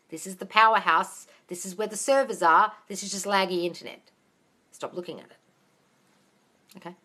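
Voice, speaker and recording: This woman, whose voice is medium-pitched and a bit bright, runs a live-stream Q&A from her phone as a manifestation coach. Her manner is chatty and emphatic, with frequent laughter and viewers addressed as darling.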